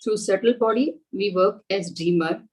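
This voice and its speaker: Husky woman reading aloud in class. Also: medium pitch, normal speed, low-quality recording. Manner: steady, careful reading with small slips. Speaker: student.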